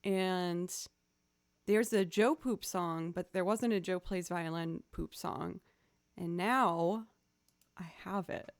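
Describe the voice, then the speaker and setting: A woman's voice: on the low side, slow pace. A woman chatting casually with viewers on a live stream, playful and goofy. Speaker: streamer and violinist.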